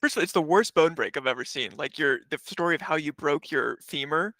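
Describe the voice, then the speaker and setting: A man's voice: fairly high pitch, lively intonation, fairly quick, bright, forceful tone, no room sound. A man hosting a podcast who asks questions in an encouraging way and gives short affirmations. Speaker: podcast host. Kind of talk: interview questions.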